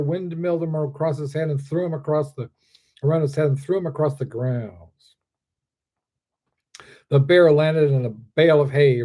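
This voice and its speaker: Author reading his story aloud; fairly high, mellow male voice.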